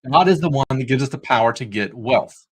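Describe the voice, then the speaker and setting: A man's voice: medium pitch, lively intonation, brisk, husky, poor audio. A man hosting a livestreamed Bible study podcast, talking in an earnest, preacherly way with jokey asides. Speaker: podcast host.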